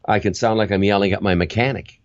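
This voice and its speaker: An older man and voiceover veteran, chatting in an interview and acting out quick examples as he explains. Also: fairly low pitch, dry recording, highs cut off. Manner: animated storyteller, acts out examples. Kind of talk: casual interview chat.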